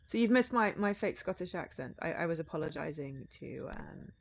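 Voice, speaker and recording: Woman game streamer, casual and chatty, animated pitch, slips into soft asides. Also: fairly quick, creaky, few pauses, slight background noise. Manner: chatty, thinks aloud, drops to near-whispers. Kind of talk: casual let's-play commentary.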